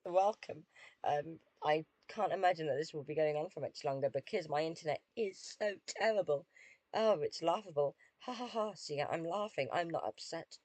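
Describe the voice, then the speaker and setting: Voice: medium pitch, moderate pace, darkish tone, no room sound. A British streamer chatting casually with viewers while playing a game, dry and self-deprecating.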